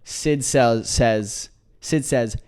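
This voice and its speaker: A man co-hosting a podcast, telling a long story in an excited, rambling way, with many restarts. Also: medium pitch, drawn-out words, smooth. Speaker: podcast co-host. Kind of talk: casual storytelling chat.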